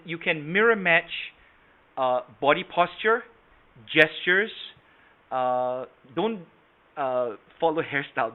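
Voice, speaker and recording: Trainer with a tinny video-call sound. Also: male voice, on the high side. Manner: interactive, quizzes participants by name with frequent "right?" and "okay?"; shifts volume and tone to demonstrate matching, from soft to strong. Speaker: sales trainer. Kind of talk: online sales training session. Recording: tinny phone-like online call audio.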